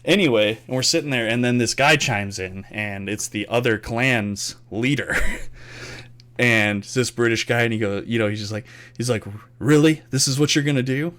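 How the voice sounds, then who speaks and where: Speaking at a moderate pace with a voice on the low side, the young podcast host chats casually and tells stories about gaming. He's animated, swears loosely, and performs the quotes himself.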